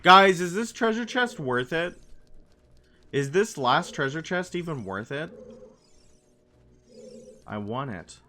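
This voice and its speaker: Young male streamer, bright tone, slow unhurried delivery, rambling chat with viewers. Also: fairly high pitch, lively intonation, faint music behind. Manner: meandering, answers chat messages aloud. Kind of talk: casual gaming livestream chat.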